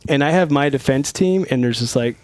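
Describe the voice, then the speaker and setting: A man's voice: mid-range voice, a little fast, no room sound. A middle-aged man from Northern California telling a wild story on a podcast, swearing freely, laughing often and acting out the dialogue. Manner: profane, laughing, animated retelling with quoted dialogue. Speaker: podcast guest, former Navy SEAL. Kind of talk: casual storytelling.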